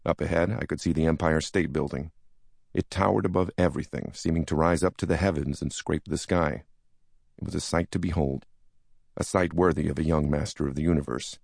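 Very deep, gravelly male narrator. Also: fairly even intonation, fairly quick, a little mellow, no echo, studio quality. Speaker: audiobook narrator. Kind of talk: first-person memoir narration.

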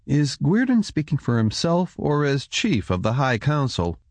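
A man doing a calm, careful scholar leader. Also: medium pitch, unhurried, dry recording, pitched above the performer's own voice. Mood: measured. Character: measured head of a scholarly order, man.

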